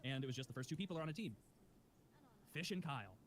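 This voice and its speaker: A man's voice: on the high side, lively intonation, quick pace, slight background noise. A man co-hosting a casual chat, telling a game story with frequent laughter. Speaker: podcast co-host.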